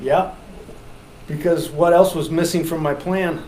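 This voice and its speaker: Male instructor, high voice, animated and jokey, lively classroom teaching, faint background noise. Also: measured pace, poor audio. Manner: animated, joking, acts out quoted lines. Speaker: real estate instructor. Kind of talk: classroom teaching with audience questions.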